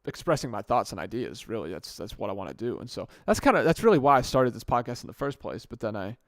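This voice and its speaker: A young man speaks casually into a good podcast microphone, thinking aloud and correcting himself as he goes. His voice sits at an ordinary middle pitch. The sound is dry, with no room echo. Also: very animated, quick pace. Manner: rambling, often restarts and corrects himself mid-sentence. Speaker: podcast host. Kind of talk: casual solo podcast monologue.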